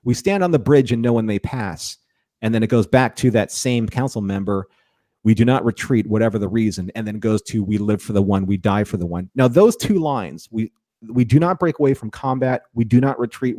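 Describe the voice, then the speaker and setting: A man's voice: on the low side, a little fast, darkish tone, no room sound, studio quality. A man co-hosting a casual review discussion, rambling and restarting his sentences often. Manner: rambling, repeats words, frequent restarts. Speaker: podcast co-host.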